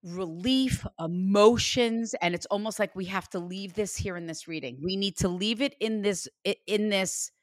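A woman's voice: mid-range voice, moderate pace, hardly any pauses, dry recording. A woman working as a psychic medium, giving a reading to a client in an earnest, reassuring way. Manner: earnest, reassuring, animated when retelling.

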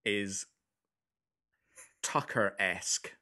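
A man's voice: lowish voice, extremely slow, bright, forceful tone. A man co-hosting a casual film podcast, retelling scenes with dry humour and repeated words. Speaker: podcast co-host.

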